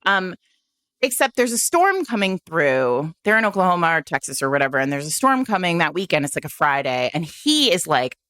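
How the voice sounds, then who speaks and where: A woman's voice: lowish voice, a little fast, no room sound. A woman co-hosting a podcast, retelling a romance plot in casual chat, swearing freely and acting out the characters' lines. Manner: animated, swearing, acts out quoted characters. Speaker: podcast co-host.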